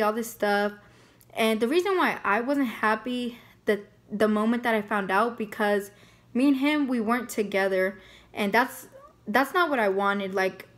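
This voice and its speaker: A young woman casually telling a personal story, chatty and full of fillers. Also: fairly high pitch. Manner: chatty, many fillers like "like" and "you know". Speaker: family vlogger.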